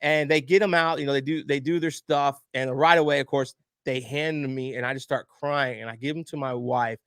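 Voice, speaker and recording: This man speaks at medium pitch, fairly quickly, in a smooth voice with no room sound and studio-quality audio. As a podcast guest, he tells his own story openly and emotionally, bringing quoted voices to life like an animated storyteller.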